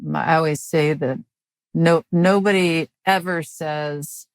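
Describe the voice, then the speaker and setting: Low-voiced woman with a dry, halting delivery. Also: fairly even intonation, dry recording. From Mississippi, US. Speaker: guest, comedian. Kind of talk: casual interview chat.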